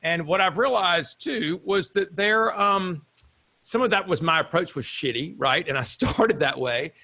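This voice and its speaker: A man's voice: sits high, expressive, a little slow, gravelly, pushed and bright. A man in his fifties hosting an interview, blunt and casually swearing. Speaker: host.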